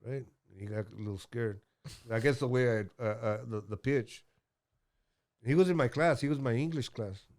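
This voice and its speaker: A man's voice: medium pitch, normal speed, a little mellow. A man in his sixties telling a rambling story as a guest, blunt and profane, with lots of fillers and restarts. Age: 60s.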